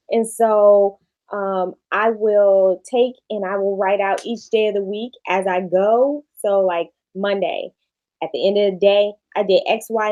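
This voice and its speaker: A woman, a shop owner chatting casually and telling animated, playful stories. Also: mid-range voice, dull audio. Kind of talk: casual chat.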